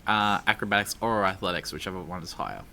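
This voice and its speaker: A man's voice: deep voice, fast talker, creaky, bright, forceful tone, slight background noise. A man narrating as dungeon master in a casual, chatty way, with many fillers and frequent laughs. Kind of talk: narrating a tabletop game.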